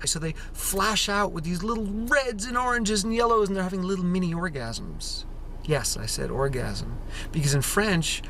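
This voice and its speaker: A man's voice: fairly high pitch, fairly bright tone, slight background noise. A man hosting his own vlog outdoors, talking in a playful, theatrical way and acting out other people's voices. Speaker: vlog host, raw-food runner. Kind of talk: casual outdoor vlog monologue. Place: outdoors among autumn trees.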